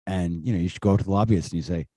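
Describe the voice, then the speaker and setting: A man's voice: low voice, rapid-fire, warm tone, slightly rough, no echo, clean studio sound. A man in casual chat on a video call, making joking, teasing suggestions.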